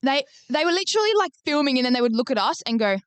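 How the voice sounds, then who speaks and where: Fast-talking young woman, animated. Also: high-pitched, no echo. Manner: animated storytelling, swears freely. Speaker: podcast co-host. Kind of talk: casual chat.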